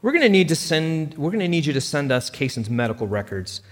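A man's voice: on the high side, very animated, fast, a bit bright, long reverb tail. A man voicing a curt, bureaucratic insurance agent who brushes off a claim. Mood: dismissive. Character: cold, dismissive male insurance agent.

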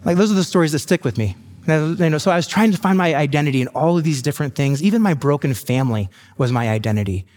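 A man's voice: fairly high pitch, animated, fast, a little mellow. Pastor guy sharing his story from the pulpit, jokey and self-deprecating, chatty asides. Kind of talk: sermon testimony.

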